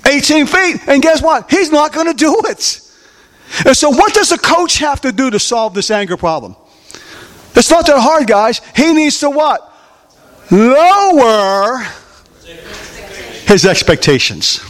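A man preaching a sermon, animated, often asking the congregation questions and answering them himself. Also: extremely high pitch, measured pace, pauses often. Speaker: pastor. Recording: long reverb of a large hall.

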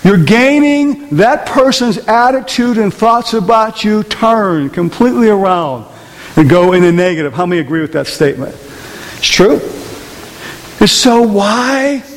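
A man's voice: high-pitched, expressive, measured pace, in a large hall. A man preaching a conversational sermon in church, often asking the congregation rhetorical questions. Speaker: pastor. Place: church hall.

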